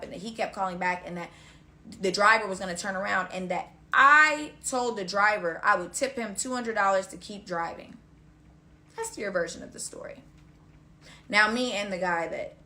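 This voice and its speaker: A young woman with a bright, sharp voice tells a casual storytime rant. She is blunt and swears freely, and she slips into quoted back-and-forth dialogue as she speaks. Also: mid-range voice.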